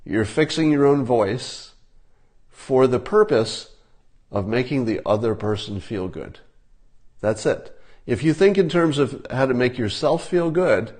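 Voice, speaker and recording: An older man gives advice in a casual, unhurried monologue. His voice sits at an ordinary middle pitch and he talks plainly, as if to one listener. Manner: relaxed, conversational, demonstrating examples. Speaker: cartoonist giving advice.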